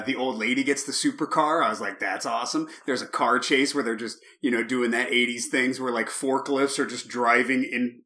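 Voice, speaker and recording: A man's voice: mid-range voice, bright, forceful tone. A man co-hosting a casual movie podcast, swearing freely and joking with laughs. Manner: profane, joking, laughs often. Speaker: podcast co-host.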